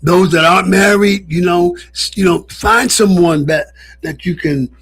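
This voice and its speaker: A man's voice: high-pitched, a little slow, a bit bright. A man co-hosting a casual radio chat show from a studio, telling stories with easy laughter. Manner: laughing storyteller. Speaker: co-host.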